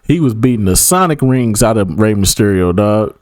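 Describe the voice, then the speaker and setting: Slangy reaction streamer man, lively pitch. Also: normal speed, no echo, clean studio sound. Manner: slangy, laughing asides. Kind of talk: casual reaction commentary.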